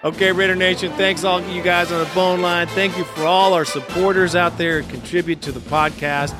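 A man hosting a sports fan podcast, talking in a fired-up, rough way, cursing and laughing often. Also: sits high, fairly even intonation, a little fast, music in the background. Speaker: podcast host. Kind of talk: casual fan podcast talk.

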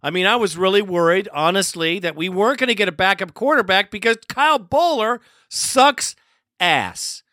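A man's voice: high voice, expressive, moderate pace, pushed and bright. A man hosting a fan podcast, delivering a heated, profane solo rant. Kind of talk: solo ranting commentary.

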